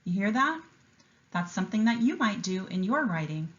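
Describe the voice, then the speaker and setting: A woman teacher reading a picture book aloud with an expressive, enthusiastic delivery and explaining a writing lesson to young students. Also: medium pitch, moderate pace, dull audio.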